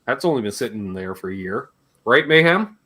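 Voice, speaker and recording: Animated, rambling man in his forties. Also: mid-range voice, a little fast, husky. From Canada. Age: 40s. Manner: rambling and jokey, laughs between remarks. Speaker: host of a live guitar Q&A stream. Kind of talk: casual chat.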